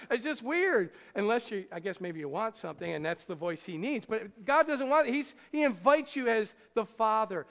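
Male pastor, high voice, conversational sermon delivery, long church reverb. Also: vocal fry, a bit bright. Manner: conversational, asks the congregation questions.

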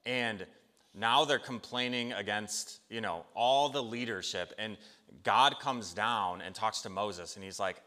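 A man's voice: fairly low pitch, slow pace, bright, forceful tone. A man preaching a sermon in an earnest, conversational way, acting out the people he quotes. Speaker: pastor. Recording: long hall reverb.

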